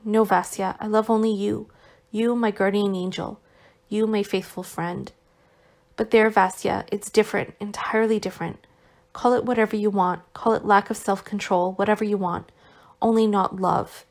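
A woman voicing a gentle, worn-out young man who is still recovering, speaking tenderly with some reproach, in an audiobook reading. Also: mid-range voice, fairly even intonation, moderate pace, lightly acted. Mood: tender, reproachful.

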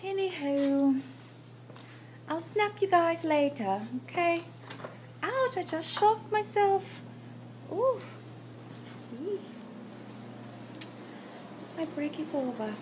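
A woman putting on a posh British accent in a casual phone vlog, speaking slowly in a mock-prim manner. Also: extremely high pitch, lively intonation, darkish tone, slight background noise, exaggerated voice. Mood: amused. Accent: put-on British. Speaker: vlogger. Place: at work, on a break.

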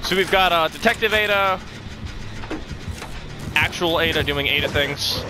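A man giving live gameplay commentary who swears a lot and swings from low mumbles to loud shouts. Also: unhurried, over music. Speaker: gaming streamer.

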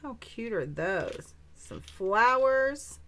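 A woman's voice: on the high side, animated, extremely slow, fairly bright tone. A woman vlogger chatting casually as she opens a craft supply swap, gushing with delighted exclamations over each item. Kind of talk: casual unboxing chat.

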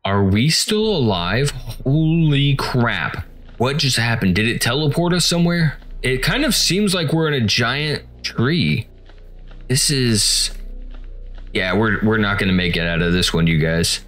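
A man's voice: mid-range voice, unhurried, soft background music. Jumpy man narrating a horror game. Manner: jumpy, excitable, talks to viewers. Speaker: gaming YouTuber. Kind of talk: let's-play commentary.

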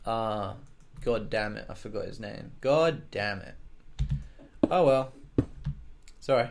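A man's voice: mid-range voice, measured pace, noisy background. A man casually narrating his own gameplay, joking and rambling to himself as he builds. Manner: joking, rambling, talks to himself, makes silly sound effects. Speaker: let's play gamer.

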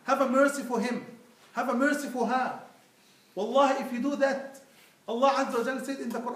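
High-voiced preacher in an echoey mosque. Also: male voice, brisk. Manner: earnest, pleading, addresses listeners as brother. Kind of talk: Friday sermon. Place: mosque prayer hall. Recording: echoey hall, mic far off.

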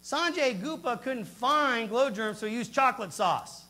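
A man with a high voice lectures a convention audience on infection control. He is blunt and emphatic, punching some words loudly and dropping others to a hush. A faint electrical hum runs underneath. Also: normal speed. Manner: emphatic, blunt, swings between loud and hushed. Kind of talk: lively conference presentation. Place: convention hall.

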